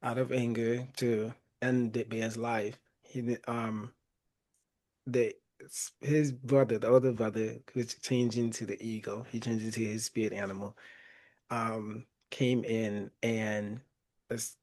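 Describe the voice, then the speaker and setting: A man's voice: on the low side, flat delivery, slow pace, darkish tone. A man hosting a podcast, casually retelling a movie scene by scene, laughing often and acting out the lines he quotes. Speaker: podcast host.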